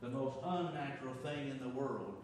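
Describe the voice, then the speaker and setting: A man's voice: mid-range voice, normal speed, slight background noise. Man preaching in an echoey hall. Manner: dynamic preaching, swinging from loud emphasis to quiet asides. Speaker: pastor. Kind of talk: sermon.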